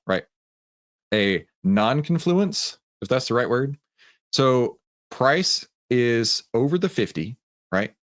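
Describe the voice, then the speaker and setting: A man with a Texan accent hosting a casual live-stream about stock trading, chatting with viewers and greeting them by name with many fillers. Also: mid-range voice. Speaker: livestream host of a trading room.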